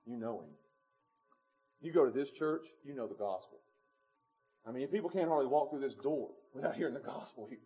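A man, preaching a sermon in a church, moving between quiet low passages and loud emphatic peaks with chuckles. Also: expressive, a little fast, pauses often, soft background music. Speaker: pastor. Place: church sanctuary.

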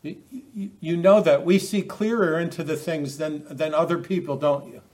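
A man's voice: a little high, steady tone, moderate pace, a little mellow. A man preaching a sermon, often restarting and repeating words as he quotes scripture.

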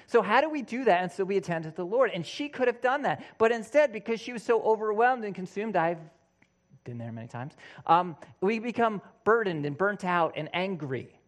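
Male preacher, casual animated sermon, slightly higher voice. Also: brisk. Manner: conversational, animated, acts out quoted voices.

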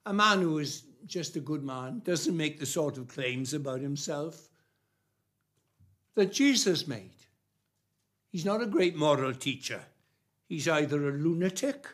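A man preaching a sermon, emphatic and repetitive, with long pauses between phrases. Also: a little high, lively intonation, fairly bright tone.

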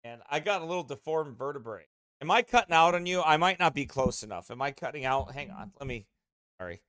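A man's voice: fairly high pitch, lively intonation, brisk, fairly bright tone, no echo. A man who pastors, chatting casually with his streaming congregation in a rambling way, full of restarts, speaking close to a desk mic beside his streaming computer.

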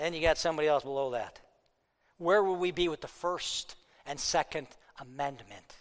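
A man preaching a fiery political sermon, worked up, swinging between loud outbursts and low asides. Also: a little fast, long reverb tail.

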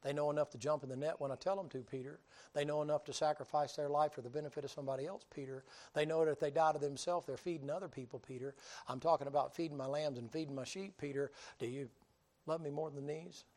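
A man voicing the Lord in a sermon retelling, speaking softly and earnestly as he teaches Peter. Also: on the high side, steady tone, fast talker, close to an everyday voice. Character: patient teaching Lord, gentle male.

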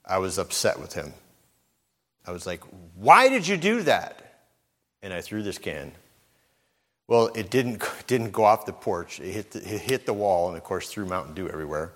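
A large hall's long reverb carries the very low voice of a middle-aged preacher sermonizing at a moderate pace. His delivery is conversational and relaxed, full of repeated words and acted-out quotes from the people he describes.

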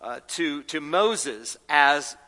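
Male preacher, earnest sermon delivery, bright voice, a bit high, hall reverb. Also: expressive, extremely slow. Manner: earnest, rising to emphatic questions.

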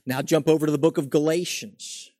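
A man preaching a sermon, reading scripture aloud slowly and then building to animated emphasis. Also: on the high side, no room sound, clean studio sound.

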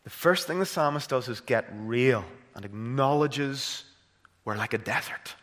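A man's voice: medium pitch, animated, a little slow, a bit bright. A man with a Northern Irish accent delivers a sermon in a mid-range voice. He speaks earnestly and rises to fervent emphasis on key points. A long reverb from the church hall trails behind his words. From Northern Ireland. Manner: earnest, builds to impassioned emphasis. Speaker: preacher.

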